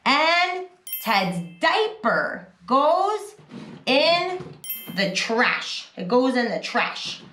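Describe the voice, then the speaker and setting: A woman with a high, bright voice talks to toddlers at a very slow pace. She repeats simple words in a sing-song way and stays gentle and encouraging. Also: sing-song. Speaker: early childhood educator. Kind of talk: toddler teaching video narration.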